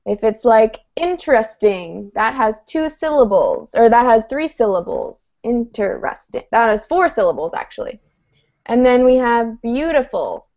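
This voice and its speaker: A woman's voice: fairly high pitch, big pitch swings, unhurried, a little mellow. A woman teaching an online English lesson, explaining grammar patiently and checking in with her students. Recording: muffled video-call audio.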